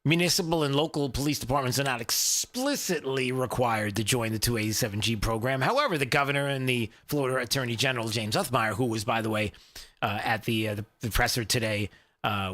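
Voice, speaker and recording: A man's voice: mid-range voice, brisk, a bit bright. A man hosting a talk radio show, rambling conversationally with plenty of fillers and restarts.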